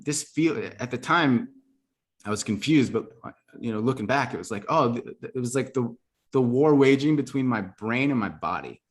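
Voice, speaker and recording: A man's voice: mid-range voice, lively intonation, normal speed. A man telling his life story as a podcast guest, earnest and reflective, with lots of "like". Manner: earnest, reflective, full of fillers like "like". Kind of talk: casual storytelling interview.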